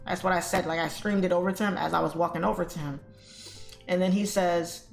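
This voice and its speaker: Her voice is gravelly and fairly low, steady in tone and a little fast, as she hosts a trading livestream and chats casually through a story. She addresses her viewers as "y'all" and "guys." There's faint music and an echoey room sound.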